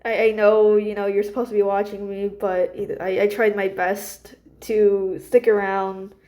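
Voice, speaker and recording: A woman's voice: medium pitch, level tone, measured pace, dark tone, natural voice. A woman voicing an anxious, apologetic young male werefox who stammers as he talks.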